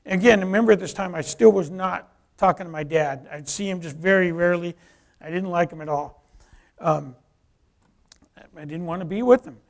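A man tells his testimony in a lively storytelling way, with a high, gravelly voice. He acts out the dialogue and often restarts his sentences. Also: normal speed, long pauses. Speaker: speaker giving a personal testimony.

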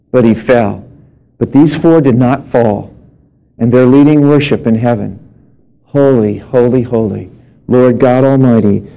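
Man, middle-aged, pastor, sermon, mellow tone, mid pitch, humorous storytelling. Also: rough recording. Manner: storytelling with humor between scripture readings.

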